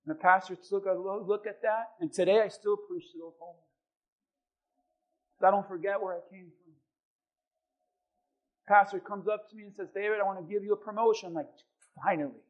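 A man, a pastor, preaching a sermon and telling personal stories, acting out the quoted voices with lively swings in loudness. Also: high-pitched, fairly quick, pauses often, lo-fi sound. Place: church.

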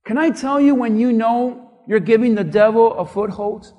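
A male pastor preaching a sermon, impassioned and emphatic, dropping to hushed tones at times, in a large church hall. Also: very high voice, normal speed, muffled recording. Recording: long reverb of a large hall.

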